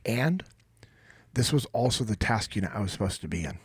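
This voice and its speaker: A man's voice: on the low side, animated, brisk, slightly rough, no echo, clean studio sound. An American man hosting a podcast, telling an emotional story in a casual, earnest way. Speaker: podcast host.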